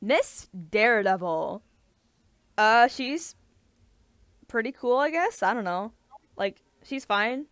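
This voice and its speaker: A woman's voice: fairly high pitch, lively intonation, slow, long pauses, fairly bright tone, smooth, no echo, studio quality. A young woman co-hosting a casual chat, rambling and enthusiastic with plenty of fillers. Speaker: podcast co-host.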